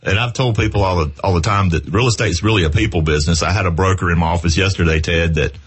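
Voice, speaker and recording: A man's voice: deep voice, quick pace, slightly rough. A man from South Carolina with a Southern US accent, hosting a radio show in a folksy, chatty way. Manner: folksy, chatty, laughs easily. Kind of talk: casual radio chat.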